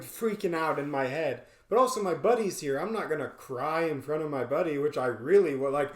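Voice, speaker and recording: A man's voice: on the high side, a little fast, few pauses. A man co-hosting a podcast, telling a story in casual chat, laughing often and acting out what people said. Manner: animated storyteller, laughs often, acts out quoted lines. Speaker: podcast co-host. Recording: echoey room.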